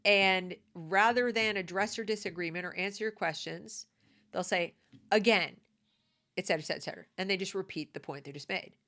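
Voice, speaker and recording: Lower-voiced woman, emphatic commentary monologue, conversational and repetitive. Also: quick pace, bright, forceful tone. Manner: emphatic, conversational, repeats points.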